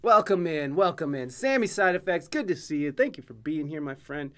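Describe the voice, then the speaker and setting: A man's voice: a little high, expressive, brisk. Goofy rambling podcast host, a man. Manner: goofy, rambling, jokey with frequent laughs. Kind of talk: casual podcast chat.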